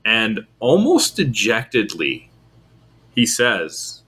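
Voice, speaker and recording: A man co-hosting a film podcast, casually arguing his opinions with lively shifts in tone. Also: slow pace. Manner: opinionated, lively pitch swings, argues his points. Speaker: podcast co-host. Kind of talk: casual film review chat.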